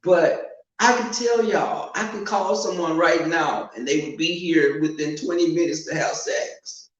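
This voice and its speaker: Hosting a live online show, a man chats casually with his audience in a frank, sassy manner. His voice is slightly high and his pace measured, and the recording has an echoey, muffled room quality.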